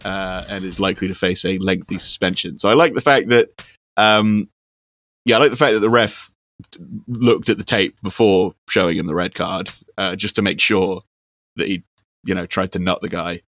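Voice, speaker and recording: A man's voice: low voice, steady tone, moderate pace, fairly bright tone, no room sound. A man hosting a casual podcast, recapping football stories with dry, sarcastic humor. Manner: dry sarcastic humor, lots of fillers and restarts. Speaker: podcast host. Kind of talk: casual chat.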